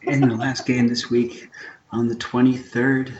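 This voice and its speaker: A man co-hosting a relaxed chat, reading through a game schedule at an unhurried pace and slipping in dry jokes. His voice is slightly dull and sits in a roomy, echoing space. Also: medium pitch, a little hiss or hum. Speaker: podcast co-host. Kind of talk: casual chat.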